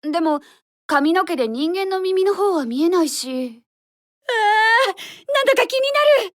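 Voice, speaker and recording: A woman's voice: fairly quick, no room sound, clean studio sound. A woman voicing a curious, refined young anime schoolgirl in a game voice line. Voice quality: high and lively anime voice.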